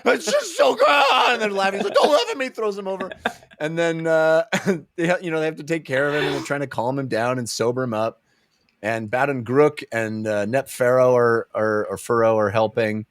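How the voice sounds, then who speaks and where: A man co-hosts a casual book-club podcast, recapping the story and acting out characters' lines in goofy voices. His voice is medium-pitched with fairly even intonation and a moderate pace, recorded with studio quality and no echo.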